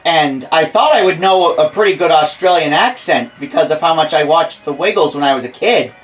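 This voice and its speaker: A man's voice: on the high side, brisk, poor audio. A young American man in his twenties chatting casually over gameplay as a let's play host, rambling and self-deprecating.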